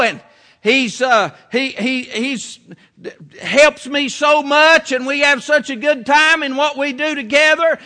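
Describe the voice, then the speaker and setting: A man's voice: very high voice, pushed and bright. A middle-aged man preaching a sermon in a folksy, down-home way, repeating his phrases for emphasis. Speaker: pastor.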